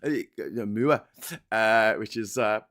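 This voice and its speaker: A man's voice: mid-range voice, lively intonation, moderate pace. Guy ranting on his home livestream, sarcastic, laughs a lot, reads chat out. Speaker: livestream host reading chat.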